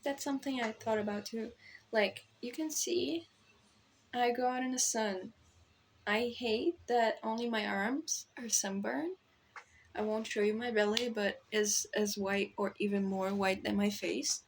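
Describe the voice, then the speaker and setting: Slow, halting Brazilian woman vlogging. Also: a little high, vocal fry, a little hiss or hum. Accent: Brazilian, with American influencer tones. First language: Portuguese. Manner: rambling, self-deprecating, slow and halting. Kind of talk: casual self-talk to camera. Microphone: phone camera.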